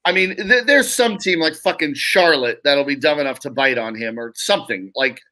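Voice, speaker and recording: A man's voice: a little high, normal speed, bright, forceful tone. A man co-hosting a sports podcast, arguing his points emphatically in casual chat. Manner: argumentative, emphatic. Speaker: podcast co-host.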